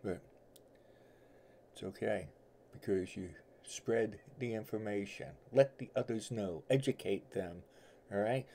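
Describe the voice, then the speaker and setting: A middle-aged man with a New York and Southern accent mix hosts a tarot livestream from home, chatting casually with viewers in a rambling, folksy way. His voice is fairly low and dark, a little slow, with long pauses. There's slight background noise.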